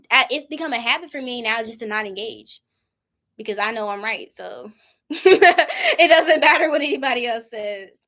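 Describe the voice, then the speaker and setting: A young woman in her twenties leads a Bible study in an easy, conversational way. Her voice sits a bit high, and she drops into acting out her own prayers as she explains. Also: fairly bright tone. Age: 20s. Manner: chatty and informal, acts out her own prayers. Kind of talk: casual Bible study teaching.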